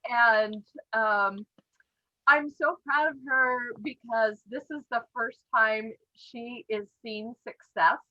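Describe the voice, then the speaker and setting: A woman's voice: on the high side, no room sound, muffled recording. A woman gushing tearfully as she congratulates a friend she sponsors on a team call. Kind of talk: emotional tribute on a team call. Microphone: online group call.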